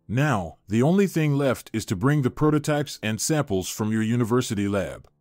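A man's voice: medium pitch, animated, moderate pace, darkish tone, no room sound, studio quality, soft background music, natural voice. A man voicing a cold, scheming older businessman who speaks in a clipped, menacing way, in a storybook reading.

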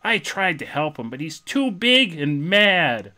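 A man's voice: a little high, very animated, unhurried, bright, forceful tone, pitched above the performer's own voice, heavily acted. A man voicing a young boy prince who is worried and pleading, reading his dialogue aloud.

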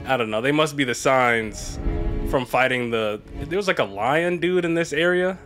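A man live streaming a video game, chatting casually and reacting loudly with sudden high exclamations. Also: normal speed. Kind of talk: casual gaming commentary. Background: game music.

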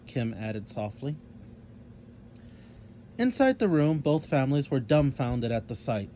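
A man reading a children's story aloud with expressive narration. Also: medium pitch, a little slow, long pauses, slight background noise.

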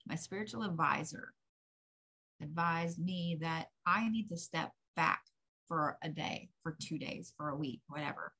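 A woman with a low, gravelly, husky voice and a sharp tone speaks a little slowly. She's a psychic reader doing a channeled reading in direct address, and her advice is blunt, profane and emphatic.

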